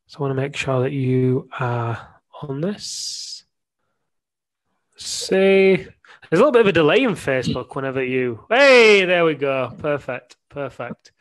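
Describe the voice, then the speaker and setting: A man's voice: on the high side, big pitch swings, a little slow. A man from England who coaches men hosts a casual live-stream interview, chatty and playful, with frequent asides. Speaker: men's coach hosting a live show.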